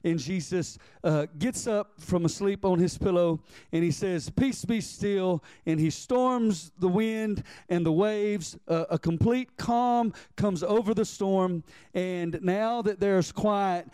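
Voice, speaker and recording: Male pastor delivering a sermon, high smooth voice, calls for responses from the pews, leans into key lines. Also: slow, mellow, no echo. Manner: preaching, asks the congregation to answer back; reads scripture aloud in old-fashioned wording.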